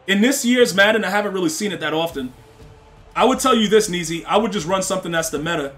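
High-voiced slangy man streaming a game. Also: lively intonation, fast, fairly bright tone. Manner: slangy, rambling, talks to chat and opponents. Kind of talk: casual live-stream chat and trash talk.

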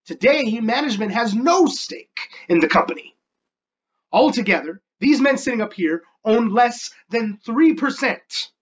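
A slick, ruthless corporate raider, played by an amateur performer, working a room of shareholders in a movie monologue. He speechifies, pushing up into loud, high emphasis and then dropping to hushed, whispered lines. His voice sits at an ordinary middle pitch. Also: expressive, unhurried, poor audio. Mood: persuasive.

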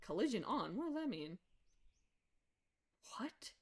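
Slightly high and husky, this young woman's voice moves at a measured pace while she streams a game in the role of a frazzled parent. She chatters chaotically and excitably, muttering one moment and shrieking the next.

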